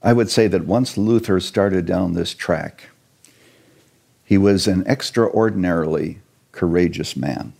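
A man telling a church history story to an interviewer, earnest and animated, with a few jokes. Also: low-pitched, unhurried, creaky, slightly rough. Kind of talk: storytelling lecture in conversation.

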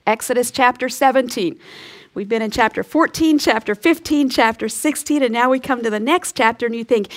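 A woman with a slightly high voice teaches scripture in an earnest, heartfelt way. She often sinks into a soft, breathy hush to stress a point. Her delivery moves between lesson and prayer. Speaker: Bible teacher. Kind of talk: radio Bible teaching ending in prayer.

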